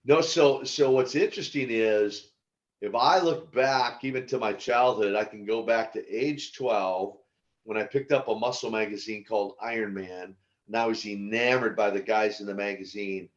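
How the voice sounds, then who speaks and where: Older man telling lively stories, lo-fi. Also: fairly low pitch, normal speed. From United States. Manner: animated storyteller, frequent laughs and restarts. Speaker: podcast guest, former pro wrestler. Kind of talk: casual storytelling interview. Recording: dull lo-fi audio.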